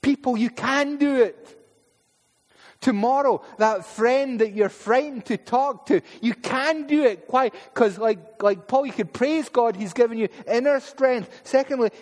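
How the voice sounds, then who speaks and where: A man's voice: sits high, a little mellow. A Scottish man preaching a sermon in church, emphatic and prone to repeating words and taking asides. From Paisley, Scotland. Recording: long hall reverb.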